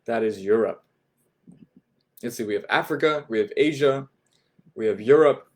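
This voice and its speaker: A man teaching a language class, repeating each word slowly and patiently, often checking in with "right?" and "okay?". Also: mid-range voice, a little mellow. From United States. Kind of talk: slow, patient vocabulary lesson.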